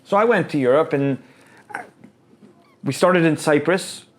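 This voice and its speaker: A man's voice: on the high side, unhurried. A man from Ontario in his thirties, co-hosting a casual real estate podcast and telling a story with acted-out dialogue. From Canada, Ontario (Markham). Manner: animated storyteller, acts out quoted dialogue. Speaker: podcast co-host, realtor.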